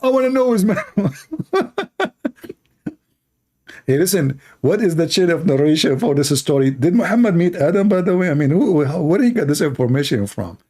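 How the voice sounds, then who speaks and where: A man's voice: a little high, animated, fast talker, hardly any pauses, dark tone, slightly rough. A man whose first language is Arabic, with an Arabic accent, hosting his show and mocking a clip in sarcastic, playful commentary. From Middle East. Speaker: show host reacting to a clip.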